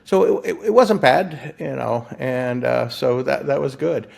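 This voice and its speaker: A gravelly-voiced man from Florida tells his story as an interview guest. He is excitable and stumbles over his words with frequent restarts, laughing often. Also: medium pitch, unhurried. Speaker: guest, physician and lottery winner.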